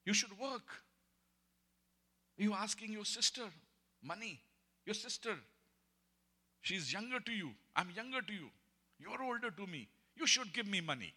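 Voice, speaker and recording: A man voicing his scolding younger sister, shrill and indignant, in an echoey hall. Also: expressive, measured pace, long pauses, pushed and bright, heavily acted.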